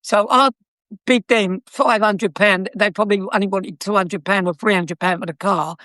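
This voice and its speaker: A dry, studio-quality recording captures an older South London man's high, sharp, steady voice at a moderate pace. Once a car dealer, he tells stories in a chatty, cheeky manner, laughing often.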